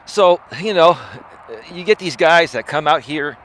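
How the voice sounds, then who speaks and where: A man in his forties hosts a live stream as a life coach, talking in a loose monologue. He keeps checking in with "right?" as he goes. His voice sits fairly high, with a faint hum behind it. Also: unhurried, fairly bright tone. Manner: chatty, tags lines with "right?".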